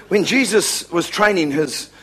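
A man's voice: fairly high pitch, sharp tone, breathy edge. A man preaching a humorous sermon as a revival preacher, joking and laughing often.

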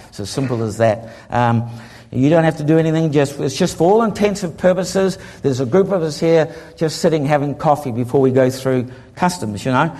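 Man, preacher, storytelling sermon, humorous, slightly high voice. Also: brisk. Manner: lively, humorous, acts out the people in his stories.

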